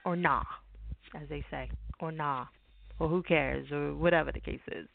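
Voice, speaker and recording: A woman's voice: low voice, steady tone, moderate pace, vocal fry, dry recording. A woman hosting a radio talk show, talking in a laid-back, slangy, rambling way. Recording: tinny phone-like audio.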